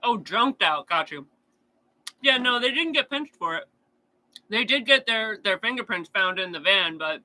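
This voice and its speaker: A man's voice: high voice, animated, moderate pace, sharp tone, rough recording. A man chatting casually on a true crime stream, answering chat in a blunt, profane rant.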